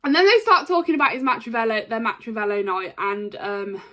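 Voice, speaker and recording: Girl rambling thru a wrestling recap, bright higher voice, loads of ums and likes. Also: a little fast. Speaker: wrestling show reviewer. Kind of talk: casual recap of a wrestling show.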